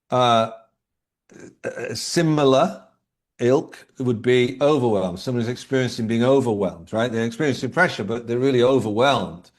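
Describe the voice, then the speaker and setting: A man talking as a leadership coach and guest in an interview, explaining his ideas through anecdotes and rhetorical questions. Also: mid-range voice. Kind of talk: conversational interview answers.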